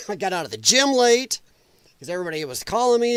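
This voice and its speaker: A man's voice: sits high, very animated, brisk, clear, resonant tone, dry recording. A man hosting a live political talk stream from home, rambling and sarcastic in a casual commentary style. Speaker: political livestream host.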